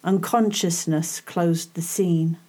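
A woman narrating a novel in the first person, with a hushed, dramatic delivery. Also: fairly low pitch, fairly even intonation, slow pace. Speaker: audiobook narrator.

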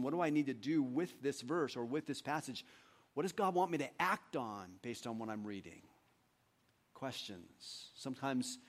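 A male pastor preaching a sermon on meditation, with joking asides and voices he acts out. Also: mid-range voice.

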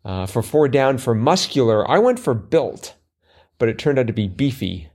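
A man of middle pitch co-hosting a casual podcast about the daily crossword. He thinks aloud, muses over clues and pokes fun at his own mistakes. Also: very animated, moderate pace, a little mellow, breathy edge. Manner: musing, self-deprecating, thinks aloud with fillers. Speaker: podcast co-host.

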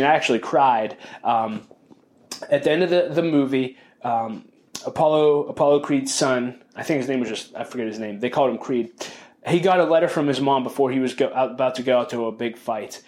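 An earnest man talks through personal lessons on his podcast in a plain monologue. His voice sits at a medium pitch. He speaks reflectively and openly, often restarting sentences and repeating the phrases that matter to him. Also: fairly quick. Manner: openly emotional, calls himself sensitive. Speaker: podcast host.

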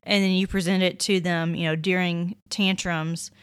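A woman in her thirties talks through parenting advice in a loose, conversational way. Her voice sits on the lower side, and she reassures the listener often, scattering "you know" and "like" through her sentences. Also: flat delivery, normal speed, smooth. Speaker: parenting podcast host. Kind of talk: casual advice talk.

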